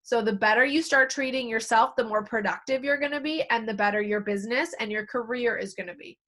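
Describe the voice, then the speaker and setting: A woman's voice: a little high, brisk, pushed and bright. A woman giving a productivity training talk as a coach, acting out quoted inner self-talk along the way.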